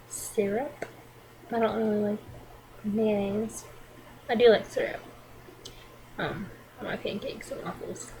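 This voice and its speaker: A woman's voice: mid-range voice, fairly even intonation, unhurried, gravelly, long pauses, darkish tone, a little hiss or hum, rough recording. A young woman with a Georgia Southern accent, reading out a word list with hesitant, chatty asides between words. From Athens, Georgia, US. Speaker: vlogger.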